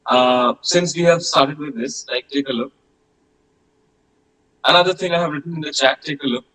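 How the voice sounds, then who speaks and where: A man teaching French in an online class, patiently repeating words slowly for pronunciation. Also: a little high, sharp tone, poor audio.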